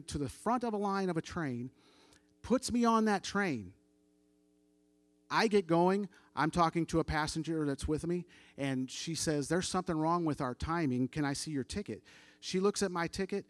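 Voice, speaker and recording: A middle-aged man gives a church testimony in a relaxed, chatty storytelling voice that sits a bit higher than most men's. He acts out the voices in his story as he goes, and the sound is dry and close, with no room echo. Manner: conversational, animated retelling with quoted dialogue. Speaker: church member giving testimony.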